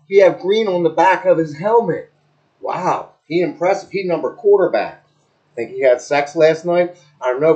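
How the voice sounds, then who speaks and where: A man's voice: fairly high pitch, a little mellow, echoey room, dull audio. A man giving a rambling, crude, joking play-by-play of a televised football game, repeating himself often. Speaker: amateur commentator.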